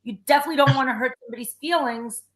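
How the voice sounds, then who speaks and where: A woman's voice: sits high, very fast, a bit bright. Woman co-host with a Brooklyn accent. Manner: thoughtful, conversational. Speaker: podcast co-host. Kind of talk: casual panel discussion.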